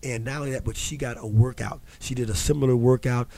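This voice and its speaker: A man's voice: medium pitch, fairly even intonation, quick pace, vocal fry, dark tone. A man hosting a fitness talk show from a studio, telling a long story in a rambling, casual way with many restarts and fillers.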